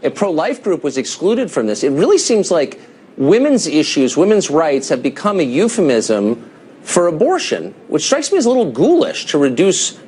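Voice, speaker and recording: A man's voice: on the high side, very animated, moderate pace, a little mellow, breathy edge. A man hosting a cable news interview, asking pointed and sardonic questions from a television studio.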